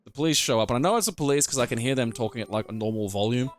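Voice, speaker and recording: This young Australian man speaks very fast in a mid-range voice, laughing frequently as he tells a wandering, foul-mouthed tale. It's casual let's-play storytelling layered over his gameplay.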